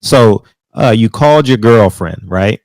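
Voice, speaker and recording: A man interviewing a guest, asking halting questions full of restarts and murmuring soft agreement while she talks. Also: on the low side, expressive, dry recording.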